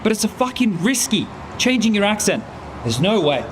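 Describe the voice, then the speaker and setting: A man's voice: high-pitched, sing-song, normal speed, a little hiss or hum. A man, an esports caster, bluntly scolding a teammate and swearing often. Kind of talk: heated team talk.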